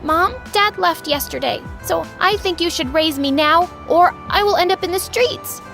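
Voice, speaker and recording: A woman voicing a stubborn, pleading little girl in an animated story. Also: moderate pace, gravelly, faint music behind, full character voice. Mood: earnest. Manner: high childlike pleading voice.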